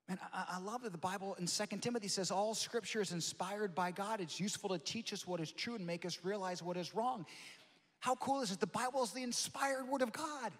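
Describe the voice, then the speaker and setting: A male pastor preaching a sermon, swinging between loud emphatic lines and soft hushed asides. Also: high voice, fairly quick. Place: large church hall. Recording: long hall reverb.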